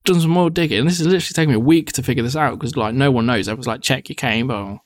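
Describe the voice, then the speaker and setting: A man's voice: mid-range voice, racing, no room sound, studio quality. A young man, co-hosting a casual podcast chat, talkative and swearing freely. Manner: chatty, swears casually, acts out quotes. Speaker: podcast co-host.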